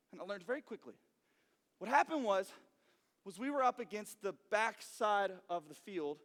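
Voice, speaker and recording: A young man preaching to a youth group, lively and animated, who acts out every character in his story. His voice sits very high for a man. It rings with a long reverb from a large hall. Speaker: youth pastor.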